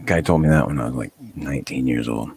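A man's voice: extremely low pitch, quick pace, gravelly, a little mellow, a little hiss or hum. A middle-aged man co-hosting a podcast in casual chat, swearing freely, rambling and laughing often. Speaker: podcast co-host.

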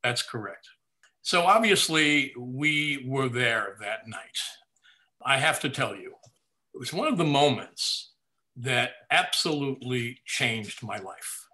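An older man in an interview, recounting family memories in a lively storytelling way and laughing at his own anecdotes. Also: medium pitch, slow. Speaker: interview guest. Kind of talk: reminiscing in a conversational interview.

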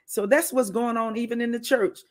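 A woman's voice: fairly high pitch, fairly even intonation, a little fast. A woman minister giving a preaching-style teaching talk, conversational, telling personal stories and calling out to her listeners. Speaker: minister teaching a weekly wisdom segment.

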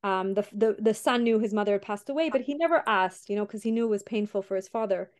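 A young woman tells a story on her podcast in a casual, rambling way. She fills her sentences with likes and you knows and keeps restarting them. Her pitch sits in the middle for a woman. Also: quick pace. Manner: rambling, filler-heavy retelling with many restarts. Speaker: podcast host.

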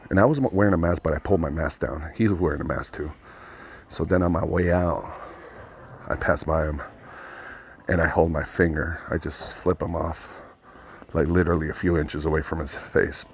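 A low-pitched man talks in a loose, rambling vlog monologue, swearing freely as he goes. He speaks into a phone pressed to his ear while walking through a big store, with a faint hiss under his voice. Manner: rambling, profane storytelling. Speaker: vlogger. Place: inside a large store. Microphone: phone held to his ear.

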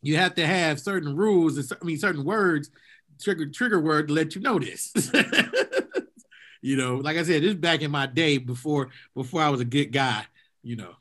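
Bright high-voiced man, casual chat. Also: normal speed. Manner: laughs often, animated storyteller. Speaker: podcast co-host.

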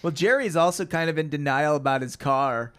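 A man's voice: on the high side, brisk, fairly bright tone, smooth. A man co-hosting a podcast, chatting casually about a book in a playful, joking way and laughing often. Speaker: podcast co-host. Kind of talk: casual comedic book discussion.

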